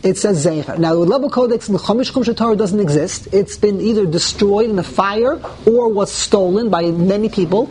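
A man teaching a Talmud class to students in a room, animated and repeating words as he thinks aloud, often asking the class questions and answering them himself. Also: sits high, brisk, few pauses, a little hiss or hum. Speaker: Torah teacher.

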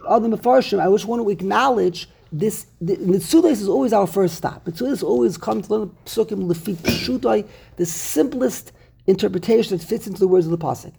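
Man teaching torah class, gravelly husky voice, emphatic, repeats himself. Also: high voice, a little fast. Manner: emphatic, animated, repeats words for stress. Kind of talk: Talmudic-style text study class.

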